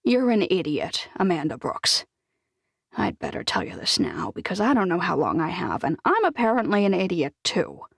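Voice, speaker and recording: A woman's voice: lowish voice, huge pitch swings, normal speed, vocal fry, slightly rough, no room sound, studio quality, heavily acted. A woman narrator voicing a stubborn, feisty older woman in a hospital bed who talks bluntly and teases. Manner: bossy, blunt, teasing.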